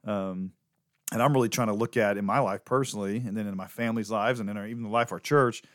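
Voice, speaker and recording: Easygoing pastor co-host, dry close sound. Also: male voice, on the low side, fairly even intonation, fast, no echo. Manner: easygoing, teasing. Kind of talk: casual podcast chat.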